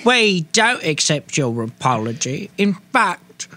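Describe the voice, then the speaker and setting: A man's voice: a little high, very animated, takes it slowly, sharp tone, exaggerated voice. A man putting on a prim British baking-show presenter in a mock-formal tone. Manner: mock-formal, giggling through lines.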